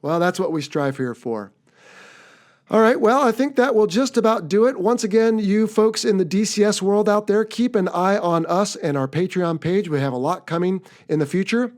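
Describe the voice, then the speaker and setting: An upbeat American man hosts a casual podcast. His voice sits a bit high for a man, and his talk is chatty and relaxed. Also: normal speed. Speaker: podcast host.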